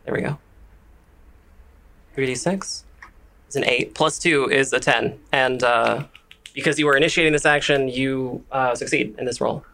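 A man's voice: medium pitch, fairly even intonation, normal speed, long pauses, pushed and bright, slight background noise, low-quality recording. A man narrating as game master of a tabletop game, explaining rules in a hesitant way full of fillers.

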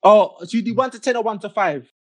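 A man's voice: high-pitched, fast, dry recording. A man with a British accent, a guest in a casual chat, bantering with good humor and laughing along.

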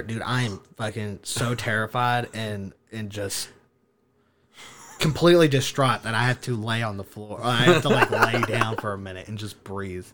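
A young man telling a wild story casually, animated, laughing and swearing as he goes. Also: on the low side, normal speed.

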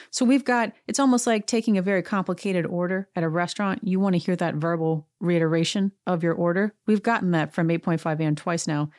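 A woman's voice: fairly low pitch, moderate pace, hardly any pauses, no echo. Sarcastic woman recapping, dry close sound. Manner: chatty, sarcastic, acts out quotes with lively voices. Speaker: podcast host recapping a reality show. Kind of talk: casual recap narration.

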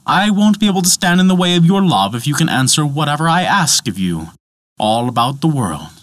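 A man's voice: a little high, big pitch swings, fairly quick, dry recording, studio quality. A man voicing an indignant, mighty male thunder god who speaks as a commanding father. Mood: challenging.

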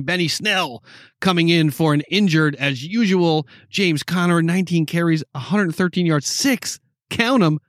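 A man's voice: fairly high pitch, fairly bright tone, dry recording, studio quality. A man co-hosting a casual sports talk show, rattling off scores and stats with emphatic asides. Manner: rapid stat rundown, emphatic "count 'em". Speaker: sports podcast co-host.

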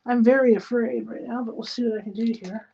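Her voice sits on the high side, brisk and gravelly but warm, with a steady tone. She's a livestream host in a spare bedroom at home, muttering to herself as she narrates every stage of her crafting. Dull, lo-fi audio carries a faint noise.

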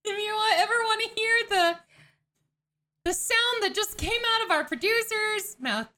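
A woman podcast guest in casual chat, summarizing the plot in a wry, deadpan way. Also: very high voice, moderate pace.

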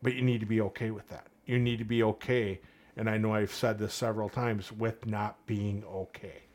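Guy on a podcast, kinda low voice, earnest, tells a little story and does the voices. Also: steady tone, moderate pace, darkish tone. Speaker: podcast guest. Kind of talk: casual podcast conversation.

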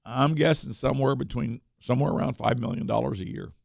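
A man with a deeply gravelly, fry-heavy voice tells shop stories on a talk radio show. He rambles and restarts, doubling up words as he goes. The sound is dry and close, with no room around it. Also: fast talker, no room sound. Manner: rambling, repeats words and restarts, animated anecdotes. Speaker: coin shop owner, radio guest.

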